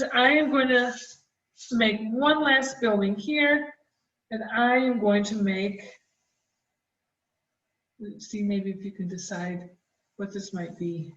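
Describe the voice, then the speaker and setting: A woman art teacher talking children through a drawing, gentle and encouraging as she draws. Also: a little high, slow, pauses often, recorded from a distance. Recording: dull, roomy, from the mic.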